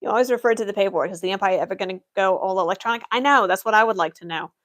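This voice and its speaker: A woman's voice: medium pitch, rapid-fire, fairly bright tone. A young adult woman streaming in character as an office worker, answering chat questions with dry, matter-of-fact humor. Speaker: livestreamer playing an Imperial office worker. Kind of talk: in-character livestream Q&A.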